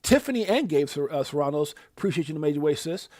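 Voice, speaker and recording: Hyped man giving stream shout-outs. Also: dry recording, clean studio sound. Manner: lively, hyped, drawn-out shout-outs with sudden loud high bursts. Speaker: livestream host. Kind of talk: casual livestream shout-outs.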